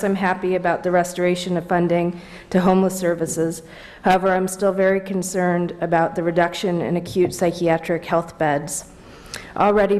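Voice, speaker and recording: Composed woman advocate, lowish voice. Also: a little mellow. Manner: composed, prepared statement. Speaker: legal aid advocate. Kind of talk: public comment at a county board meeting. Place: council chamber.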